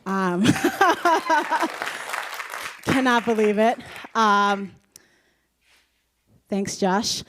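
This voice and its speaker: A woman in her thirties from the United States, giving an animated, laugh-filled presentation to an audience as a guest speaker, with many fillers. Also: medium pitch, drawn-out words, long pauses, some chatter behind, a little hiss or hum. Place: school presentation room.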